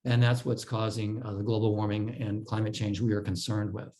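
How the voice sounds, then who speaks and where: A man giving an explanatory slide presentation to a club, pausing with fillers and restarting phrases. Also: on the low side, level tone, darkish tone, low-quality recording. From California. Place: club meeting room.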